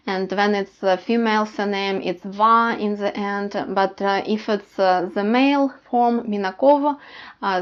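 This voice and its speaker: Woman teaching, flat low voice. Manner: explanatory, many hesitations with uh. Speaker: language teacher. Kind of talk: casual language lesson. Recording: slightly dull lo-fi audio.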